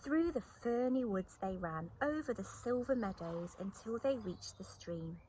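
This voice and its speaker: A woman reading a children's story aloud, expressive and animated, often dropping to a whisper. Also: medium pitch, measured pace, a little hiss or hum, poor audio.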